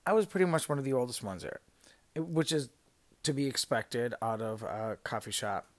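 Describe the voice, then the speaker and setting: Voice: medium pitch, animated, moderate pace. A podcast host in their thirties telling a work story in a rambling, casual way, with lots of fillers, self-corrections and swearing. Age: 30s.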